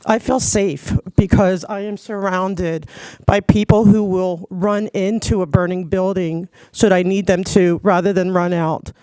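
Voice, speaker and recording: A woman from Los Angeles giving a public comment at a city commission meeting, choked up and tearful, pleading earnestly with halting restarts. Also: lowish voice, steady tone, dark tone, clean tone, no echo.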